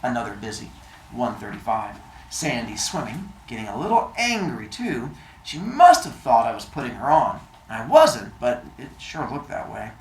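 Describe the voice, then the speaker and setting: A low-voiced woman teacher reads a novel aloud to her class, her pitch swinging widely and playfully. The classroom is roomy and echoey, with a faint hum of noise behind her. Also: normal speed. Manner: expressive, animated reading with asides.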